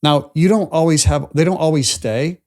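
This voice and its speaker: A man's voice: on the high side, moderate pace, darkish tone. A man co-hosting a business podcast, telling stories casually and acting out the conversations he quotes. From lives in Tennessee. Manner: rambling storyteller, acts out quoted exchanges. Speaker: podcast co-host.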